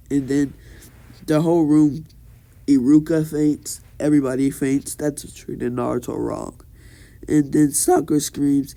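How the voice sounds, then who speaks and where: A young man narrates a made-up fan story at a slow, unhurried pace, rambling through ums and restarts. His voice is mellow and dark in tone, sitting a bit high for a man. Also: little pitch movement, vocal fry. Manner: rambling, many fillers and restarts, laughs at own jokes.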